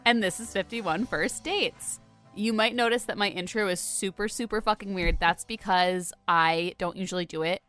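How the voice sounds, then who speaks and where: A woman's voice: mid-range voice, normal speed, fairly bright tone, soft background music. Chatty young woman hosting a podcast. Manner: chatty, rambling, many fillers and laughs. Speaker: podcast host. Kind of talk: casual podcast chat.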